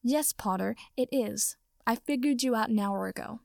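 A woman voicing an indignant, haughty young male wizard who rants and accuses, with a gravelly edge in her voice. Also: medium pitch, steady tone, normal speed, darkish tone, no room sound, clean studio sound, lightly acted. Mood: ranting. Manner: ranting, accusing, melodramatic.

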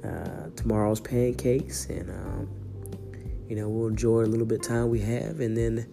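A man's voice: on the low side, steady tone, moderate pace, creaky, soft background music. A man hosting his own podcast in a casual, rambling monologue, with a slight cold. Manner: laid-back, rambling, says "man" a lot. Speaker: podcast host.

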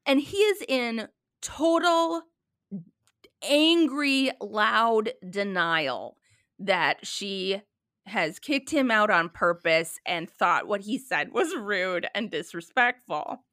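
A woman in her thirties in casual chat, telling a story with lively quoted dialogue. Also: mid-range voice, takes it slowly, no room sound, studio quality.

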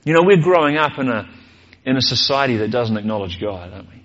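A man's voice: mid-range voice, animated, fast talker, fairly bright tone, lo-fi sound. A male pastor, preaching a sermon earnestly and posing rhetorical questions.

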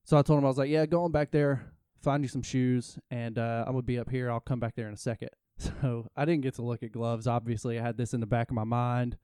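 Male co-host, casual rambling storyteller, warm smooth voice, dry close sound. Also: mid-range voice, little pitch movement, fast, hardly any pauses, no room sound. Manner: rambling, self-interrupting storyteller. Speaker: podcast co-host.

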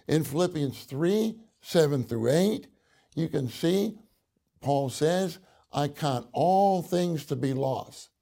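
A man preaching a sermon to a congregation, slow and deliberate, repeating key phrases for emphasis. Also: a little high, gravelly, warm tone. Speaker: minister speaking to a congregation.

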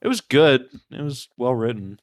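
A man's voice: mid-range voice, sing-song, normal speed, no room sound, studio quality. A man co-hosting a casual book discussion podcast, musing hesitantly with many fillers. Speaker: podcast co-host.

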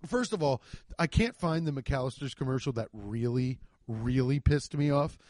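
A man hosting his own podcast from home, ranting in a rambling, profane, animated way. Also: mid-range voice, moderate pace, dry recording, studio quality. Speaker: podcast host. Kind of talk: solo comedic rant. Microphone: desk microphone.

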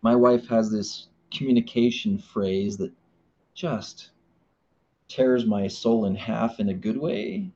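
A man leading a live marriage workshop, animated and playful, acting out the voices he quotes. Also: on the low side, takes it slowly, dull audio.

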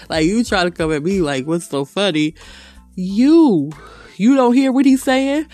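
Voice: medium pitch, expressive, slow, darkish tone, soft background music. A podcast host telling rambling stories in a casual monologue, swearing constantly and laughing often. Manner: profane, rambling storytelling.

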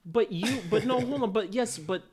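A young man in casual conversation, telling a story with animated delivery, laughing often and acting out the lines he quotes. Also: high voice, normal speed. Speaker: former player, interviewer.

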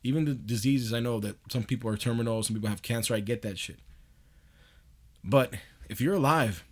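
A man's voice: mid-range voice, brisk. A man hosting a podcast in a loose, profane monologue, laughing often as he talks. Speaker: podcast host.

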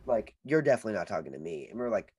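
A young man with a somewhat low voice tells a story on a casual podcast. He rambles and fills his sentences with "like" as he goes. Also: sing-song, rapid-fire, a little mellow, husky. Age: young adult. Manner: rambling storyteller, heavy use of "like". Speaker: podcast co-host. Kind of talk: casual chat.

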